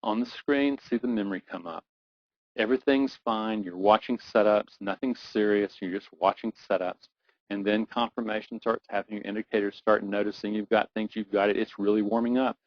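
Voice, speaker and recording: Middle-aged guy coaching through a guided visualization, lowish voice, repeats himself, dull dry lo-fi sound. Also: fairly even intonation, dry recording. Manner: slow soothing guidance that builds to urgent intensity, repeating phrases. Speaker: performance coach.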